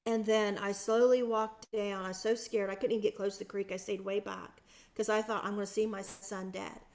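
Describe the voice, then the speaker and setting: Woman, podcast guest, earnest emotional storytelling, mid-pitched, restarts often. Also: level tone, a little fast, a little mellow. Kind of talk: personal storytelling in an interview.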